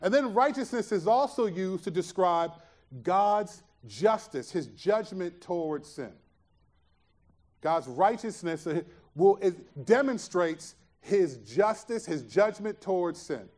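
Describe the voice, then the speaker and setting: A male pastor preaching a sermon, earnest and emphatic, asking rhetorical questions and dropping to a hush for reflective points. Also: high-pitched, expressive, takes it slowly.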